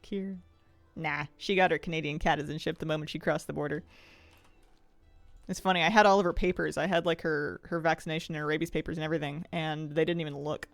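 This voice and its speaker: Talking fast in a medium pitch with vocal fry and fairly even intonation, this streamer answers chat while gaming. They read viewer questions aloud and laugh a lot over faint game music, with no echo.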